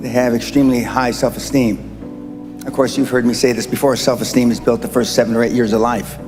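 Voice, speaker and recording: A man's voice: mid-range voice, little pitch movement, brisk. An older man giving a blunt, brash motivational talk, heard in a played-back clip. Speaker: motivational speaker. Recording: played-back clip with long hall echo and music.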